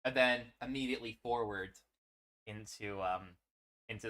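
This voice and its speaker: A man hosting a casual commentary stream, talking in an animated, profane way. He laughs often and keeps restarting his sentences with plenty of fillers. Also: medium pitch, moderate pace. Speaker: show host.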